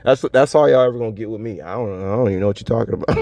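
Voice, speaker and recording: On dull lo-fi audio, a vlogger with a medium-pitched, mellow voice talks fast to his viewers by himself. His manner is casual and slangy, with frequent breaks into laughter.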